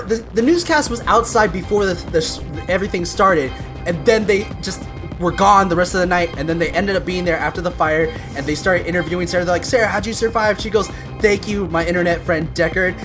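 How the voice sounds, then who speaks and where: A woman's voice: fairly low pitch, fairly quick, music in the background. Chatty woman recapping a movie, laughing. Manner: rambling retelling, acts out quotes, laughs often. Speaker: podcast co-host. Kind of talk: casual movie recap chat.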